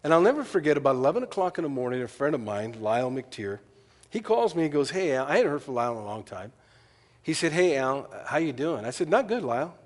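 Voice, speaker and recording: A man preaching a sermon as pastor, telling stories with lively quoted asides and shifting between loud and soft delivery. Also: on the high side, fast, long reverb tail. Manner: storytelling, animated asides and quoted voices.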